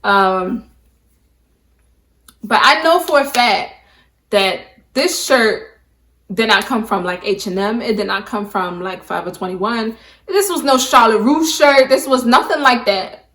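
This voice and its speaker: A woman's voice: a little high, measured pace, fairly bright tone. Emphatic young woman vlogger telling a story. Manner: emphatic, peppers talk with "like". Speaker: beauty vlogger. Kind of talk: casual storytime monologue. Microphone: camera mic, talking to camera.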